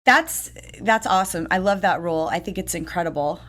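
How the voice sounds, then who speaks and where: A woman's voice: lowish voice, brisk, fairly bright tone. A woman podcast host, eagerly asking a guest questions and rephrasing them as she goes. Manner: enthusiastic, circling questions with restarts. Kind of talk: interview questions, casual.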